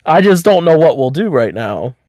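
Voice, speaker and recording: A man's voice: fairly high pitch, sing-song, moderate pace, a little mellow, dry recording. A man co-hosting a podcast in casual, bantering chat while plugging the show. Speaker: podcast co-host.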